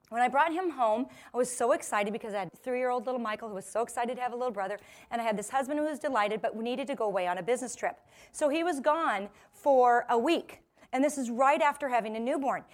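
A woman in her forties giving a humorous storytelling talk to a live audience, lively and self-mocking, laughing often and acting out what people said. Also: fairly high pitch, fast. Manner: lively, self-mocking, acts out quoted voices. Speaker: motivational speaker.

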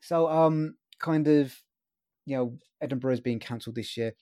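A man's voice: medium pitch, normal speed, warm tone, no echo, studio quality. Hesitant male interviewer. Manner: hesitant, lots of fillers. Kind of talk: casual interview chat.

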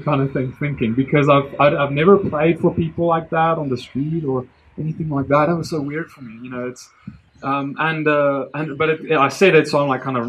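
A man casually telling a personal story to his viewers, earnest and excited, rambling with many restarts. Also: fairly high pitch, slight background noise, low-quality recording. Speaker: vlogger sharing a testimony.

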